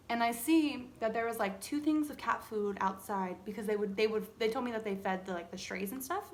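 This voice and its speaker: Animated young woman telling a story. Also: fairly high pitch, a little hiss or hum. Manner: animated, swears freely, dramatic retelling. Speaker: vlogger. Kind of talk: casual storytime chat.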